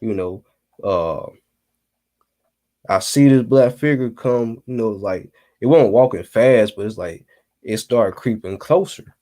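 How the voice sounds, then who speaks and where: A man's voice: on the low side, lively intonation, takes it slowly, mellow. A young man from North Carolina telling a story on a podcast in a laid-back, slangy way with lots of fillers. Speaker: podcast co-host. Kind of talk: casual storytelling. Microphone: remote call.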